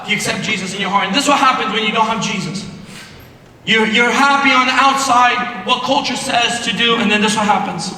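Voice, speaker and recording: A young man, a youth pastor, preaching passionately to high school students, sometimes rising to a shout. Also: a little fast. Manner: impassioned, rising to shouts at key points. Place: large echoey school hall. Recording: echoey hall recorded from far off.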